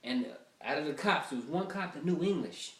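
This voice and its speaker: A man's voice: fairly high pitch, lively intonation, normal speed. A male comedian telling stories in a profane, rambling, casual way, recorded from a distance in a roomy space. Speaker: stand-up comedian. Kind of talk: stand-up storytelling, rough draft. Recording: roomy sound from a distant mic.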